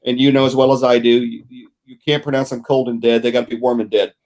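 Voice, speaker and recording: A man's voice: mid-range voice, little pitch movement, quick pace, a little mellow. A man co-hosting a casual podcast, telling a story in a wry, frank way. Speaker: podcast co-host, nurse.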